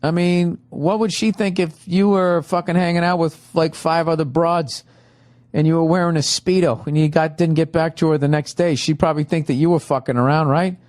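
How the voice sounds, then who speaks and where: Man, middle-aged, ranting podcast host, swears a lot, voice pitched a bit high. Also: steady tone, moderate pace, a little mellow. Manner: profane, ranting, sarcastic. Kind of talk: casual advice monologue.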